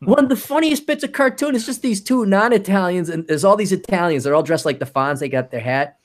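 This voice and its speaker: A man's voice: high voice, brisk. A man hosting a podcast in casual, profane chat, often slipping into put-on voices. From American. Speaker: podcast host.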